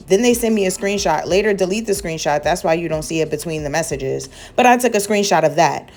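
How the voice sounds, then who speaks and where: A woman's voice: lowish voice, a little fast, few pauses. Sassy New woman telling a story. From the Bronx, New York. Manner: animated, sassy, slangy storytelling. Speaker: nail and beauty vlogger. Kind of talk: casual storytime vlog.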